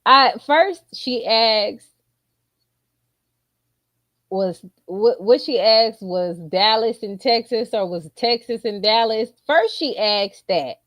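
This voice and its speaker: Woman ranting on her channel, aave, real blunt and cussing, kinda high voice. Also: expressive, takes it slowly, fairly bright tone, no echo, studio quality. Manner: blunt, incredulous, profane. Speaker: commentary channel host. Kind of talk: casual reaction commentary.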